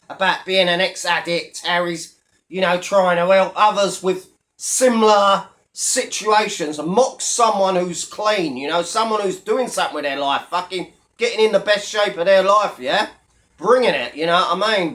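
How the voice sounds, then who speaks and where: On his YouTube channel, a man rants in blunt, mocking commentary, swearing heavily throughout the vlog. His voice is high with a fairly bright tone.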